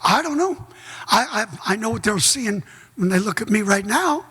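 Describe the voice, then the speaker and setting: A middle-aged man preaching a sermon as pastor, folksy and joking, bursting into shouts. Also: sits high, expressive, moderate pace, breathy edge. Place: large church hall. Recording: echoey church hall.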